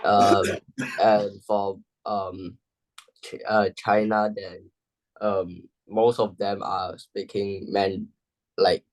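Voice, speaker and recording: A young Singaporean man answers his teacher slowly in a lowish voice. He hesitates often and fills the gaps with ums and likes. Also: flat delivery, a little mellow, low-quality recording. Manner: hesitant, halting, many fillers. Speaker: student. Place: classroom.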